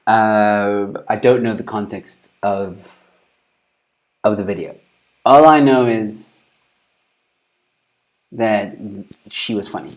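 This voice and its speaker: A man's voice: fairly low pitch, slow, long pauses. A man hosting a casual news commentary show, rambling loosely and breaking into laughter often. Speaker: show host.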